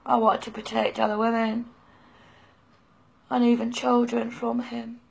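A middle-aged British woman gives halting, raw, emotional personal testimony. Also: fairly high pitch, completely flat delivery, vocal fry, husky. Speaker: person sharing her experience.

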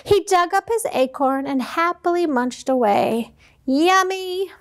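A woman librarian reading a picture book aloud to young children, animated and asking them questions along the way. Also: extremely high pitch, unhurried.

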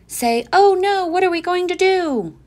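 A woman voicing an eager young boy leading a pretend adventure, bossy and excited. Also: extremely high pitch, measured pace, voice pushed up. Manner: excited, bossy make-believe.

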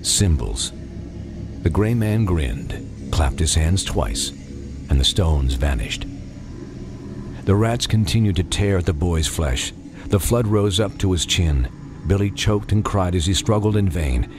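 A man narrating a dark audiobook in measured, dramatic storytelling. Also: deep voice, expressive. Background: music.

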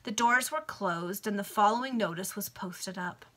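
A woman's voice: medium pitch, normal speed, a bit bright. A woman casually reading a nineteenth-century novel aloud to friends over a video call, with chatty asides. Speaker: reader.

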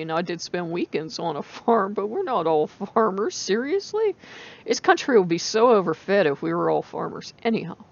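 A woman's voice: fairly low pitch, vocal fry. Rambling woman with a country accent. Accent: rural American country accent. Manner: rambling, animated, laughs often. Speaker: channel host. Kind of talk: casual spiritual vlog talk. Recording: dull lo-fi recording.

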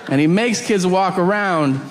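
A man retelling a comedic story in an animated way, slipping into voices of the people in it. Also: high-pitched, normal speed, some chatter behind. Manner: animated retelling, voicing characters with laughter. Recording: clear background noise.

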